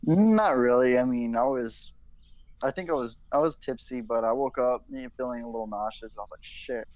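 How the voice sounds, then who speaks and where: A man's voice: medium pitch, a little fast, darkish tone, no room sound, rough recording. A young man co-hosting a casual podcast chat, rambling with lots of "like" and restarts and swearing casually. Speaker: podcast co-host.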